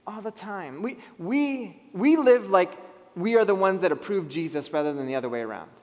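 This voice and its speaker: A man preaching a sermon as pastor, animated, acting out the people in his story. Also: sits high, moderate pace. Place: church hall. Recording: long hall reverb.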